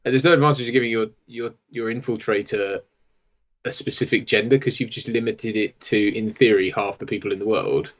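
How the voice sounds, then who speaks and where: A man nitpicking a film in a relaxed chat with a friend. His humour is dry and he laughs readily. He is recorded on a lapel mic. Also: on the low side, fairly quick, dull audio. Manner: wry, nitpicking, laughs often. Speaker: film commentary co-host. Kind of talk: casual watch-along chat. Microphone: lavalier.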